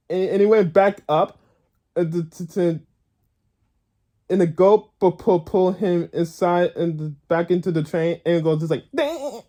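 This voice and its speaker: A man's voice: high voice, dark tone. A man telling a story to his viewers in a casual vlog, stammering, repeating words and giggling all the way through. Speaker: gaming vlogger.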